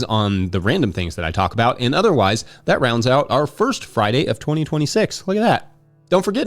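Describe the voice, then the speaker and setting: A man hosting a farming podcast, talking casually with rambling, joking asides. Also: fairly low pitch. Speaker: podcast host.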